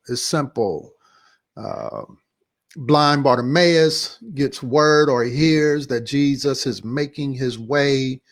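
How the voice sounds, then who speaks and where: A man hosting a church talk show, casually recapping a sermon in a relaxed, repetitive, slangy way. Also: medium pitch. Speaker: pastor and show host.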